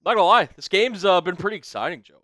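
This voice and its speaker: A man co-hosting a casual sports live stream, upbeat, shouting out chat names and urging viewers to subscribe. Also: high-pitched, animated, quick pace, no room sound, studio quality.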